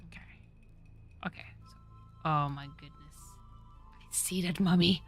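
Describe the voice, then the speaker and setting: A woman's voice: fairly low pitch, steady tone, a little slow, faint music behind. A woman streaming a game, talking to her chat and getting exasperated at the game. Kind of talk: let's play commentary.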